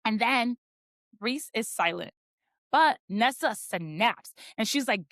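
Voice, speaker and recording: A woman hosting a book podcast, retelling chapters in a casual, animated way and reading quotes aloud dramatically. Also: on the high side, slow, no echo. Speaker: podcast host. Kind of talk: casual book-club recap.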